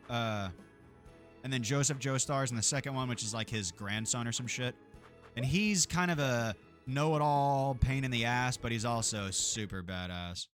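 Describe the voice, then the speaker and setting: A man's voice: mid-range voice, moderate pace, fairly bright tone. A man with a middle-range voice chats loosely while playing a game. He rambles, swears freely and laughs easily. Faint game music plays underneath. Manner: profane, rambling, laughs often. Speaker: game streamer. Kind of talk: casual gameplay chat.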